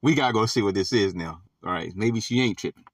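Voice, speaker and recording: A man's voice: lowish voice, fast talker, no room sound, recorded from a distance. A man leading an informal bible study, reading verses and explaining them in a conversational, slangy way with frequent check-ins. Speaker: bible teacher.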